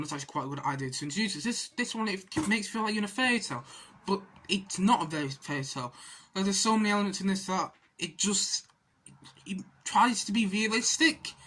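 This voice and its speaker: A woman's voice: mid-range voice, a bit bright. A woman giving a casual, rambling film review, full of restarts and exasperated outbursts. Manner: rambling, frequent restarts, swings into exasperated rants.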